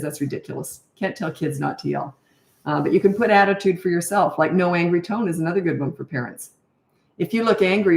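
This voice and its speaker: A woman's voice: fairly low pitch, a little mellow, echoey room. An older woman, a parenting coach, answering viewer questions in a frank, chatty live Q&A and thinking aloud as she goes.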